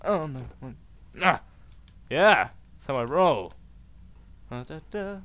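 A man giving silly, excitable commentary while playing a video game. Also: a little high, a little slow, no echo. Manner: silly, excitable, yelps and exclaims. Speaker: gaming video host. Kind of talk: let's play commentary.

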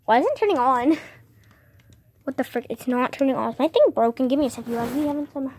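A woman's voice: high voice, fast talker, a little mellow, breathy edge. A young woman giving a casual house tour to camera at home, talking to her viewers in a bubbly, dramatic way. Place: family home, indoors.

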